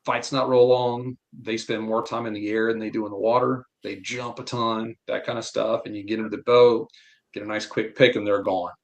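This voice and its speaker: A man from Florida speaks in a low register, holding forth bluntly as a podcast guest. His storytelling is animated and frank, full of firm opinions. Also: moderate pace, highs cut off. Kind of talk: casual fishing chat.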